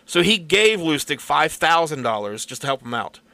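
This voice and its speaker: Male podcast co-host, relaxed storyteller, bright voice, dry close sound. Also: fairly high pitch, normal speed, no echo. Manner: laid-back storyteller, swears casually. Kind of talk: casual chat, storytelling.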